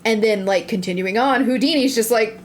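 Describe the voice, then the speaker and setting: A woman's voice: fairly high pitch, slight background noise. A woman co-hosting a podcast and presenting the topic, casual and profane, often restarting her sentences. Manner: halting, many restarts, profane. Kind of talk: casual chat.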